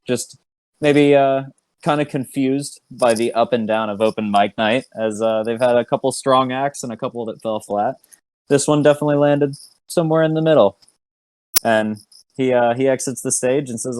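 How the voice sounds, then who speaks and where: A man's voice: medium pitch, moderate pace, darkish tone, smooth, no room sound. A man narrating as game master in an online tabletop game, laid-back and laughing often. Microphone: online voice chat.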